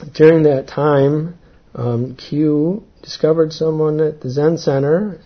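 A man giving an earnest personal testimony to a group, halting and full of fillers. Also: medium pitch, husky, highs cut off. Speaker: speaker giving a talk.

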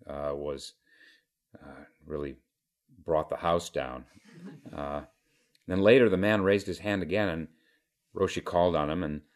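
A man giving a Zen dharma talk as teacher, in a measured, halting way with many pauses and fillers. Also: very deep voice.

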